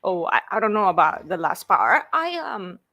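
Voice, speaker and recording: A woman's voice: mid-range voice, sing-song, normal speed, bright, forceful tone. Chatty Japanese-accented woman streaming live. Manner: rambling, full of "like" and "you know". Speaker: livestream host. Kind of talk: casual live-stream chat.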